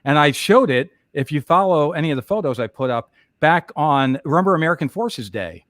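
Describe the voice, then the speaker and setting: A man's voice: fairly high pitch, animated, fairly quick, a bit bright, no echo. A man chatting casually on a livestream, telling stories and giving travel tips with frequent laughter. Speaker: co-host.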